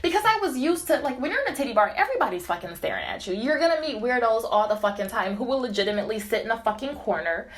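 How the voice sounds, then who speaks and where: A young woman telling a casual storytime tale, animated and profane, laughing often. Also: fairly high pitch, quick pace, hardly any pauses.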